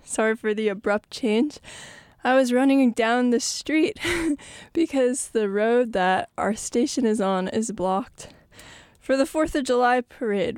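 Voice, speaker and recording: A woman's voice: a little high, a little mellow, clean tone, dry recording. A young woman hosting a live radio show, a little out of breath and chatty, with plenty of ums. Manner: chatty, rambling, many ums. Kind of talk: casual live radio talk. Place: radio studio.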